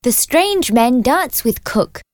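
A woman reading a children's storybook aloud as narrator, clear and expressive. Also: high-pitched, slow.

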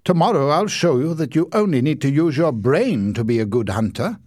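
A haughty young man who lectures everyone and complains about everything, as a male narrator puts him on. His voice sits somewhat higher than the reader's own and carries a husky edge. He sounds endlessly self-satisfied. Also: sing-song, a little fast, a little mellow, dry recording, studio quality. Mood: smug. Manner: haughty, whining, self-important. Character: pompous young man, lazy know-it-all complainer.

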